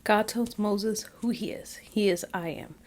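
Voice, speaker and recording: A woman's voice: mid-range voice, a little slow, a little mellow. A woman giving a casual, reflective Bible recap, chatty with many fillers and restarts. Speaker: Bible study vlogger. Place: outdoors, windy.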